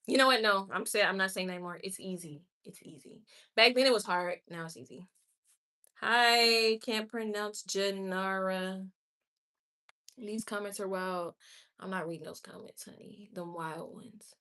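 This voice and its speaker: A woman livestreamer chats casually and reacts candidly to viewer comments, full of quick laughs and exclamations. Her mid-range voice is bright and forceful, with fairly even intonation.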